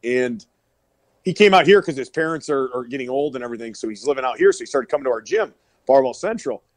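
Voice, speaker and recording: A middle-aged powerlifter guesting on a podcast, telling rowdy, profane stories and laughing often over a remote call that breaks up. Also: male voice, mid-range voice, animated, fast, dry recording. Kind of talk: casual storytelling.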